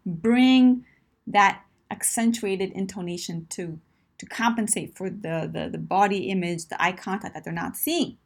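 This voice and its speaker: A woman's voice: mid-range voice, a little mellow. A woman coaching listeners in a direct advice talk, emphatic and encouraging, often checking in with "right?" and "my friend".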